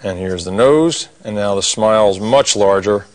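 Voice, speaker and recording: A man's voice: lowish voice, measured pace, a little mellow. Man teaching cartoon drawing, folksy. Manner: folksy, corny jokes, talks while drawing. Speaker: drawing instructor. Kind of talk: step-by-step cartoon drawing lesson.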